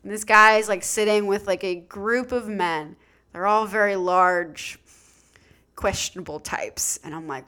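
A woman's voice: medium pitch, moderate pace, a bit bright, smooth. A young adult woman, a podcast co-host, telling a long casual story, acting out quoted voices with lots of "like".

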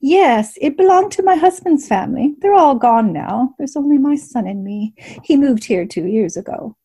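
A woman's voice: high voice, expressive, normal speed, warm tone, husky, voice pushed up, full character voice. A woman voicing an older woman innkeeper who speaks in a proper, precise way, in a storybook reading. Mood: gracious.

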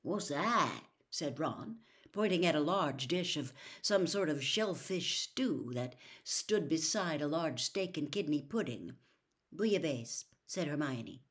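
Woman narrator, audiobook reading, slow, lively pitch, lowish voice. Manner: slow, expressive read-aloud. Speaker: storyteller.

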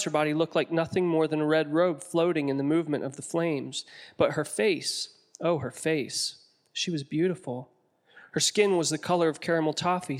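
A man with a slightly high voice narrates an audiobook, describing events in a measured way at a steady storytelling pace. A long reverb tail follows his words.

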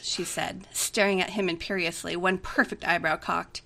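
A woman's voice: on the low side, fairly even intonation, normal speed, creaky, few pauses, bright, forceful tone. A woman reading a romantic comedy aloud in a chatty way, giggling often between lines. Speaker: story reader.

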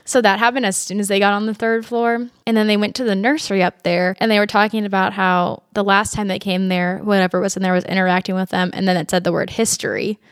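A woman's voice: medium pitch, little pitch movement, quick pace, few pauses, clear, resonant tone, dry recording, studio quality. A young woman co-hosting a podcast, chatting casually and breaking into laughs often as she tells stories. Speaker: podcast co-host. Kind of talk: casual chat.

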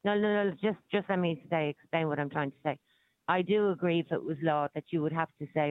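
A woman's voice: low-pitched, fairly quick, no room sound. A woman calling into a radio debate, firmly insisting on being heard. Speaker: caller. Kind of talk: call-in debate. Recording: tinny phone line.

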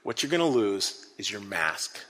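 A man preaching an interactive sermon, earnest and animated, often repeating his words as he speaks to the congregation. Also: fairly low pitch, moderate pace. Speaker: pastor. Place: church hall. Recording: long hall reverb.

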